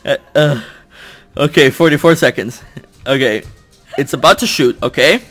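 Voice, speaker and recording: A young man giving let's play commentary at home into a desk microphone, excitable and quick to shout and groan in frustration, joking at his own expense. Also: mid-range voice, soft background music. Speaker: YouTuber playing a video game.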